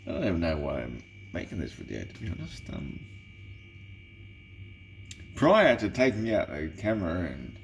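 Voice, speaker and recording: A man's voice: sits low, very animated, normal speed, gravelly, pauses often, faint music behind. A man rambling in a casual vlog monologue, swearing constantly and chuckling, with a mock-exasperated, slightly tipsy manner. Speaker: vlogger.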